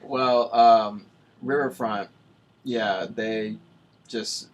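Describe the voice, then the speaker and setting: A man's voice: mid-range voice, steady tone. A young man hosting a casual late-night college radio chat, rambling and restarting his sentences often. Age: young adult. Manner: rambling, halting, many restarts.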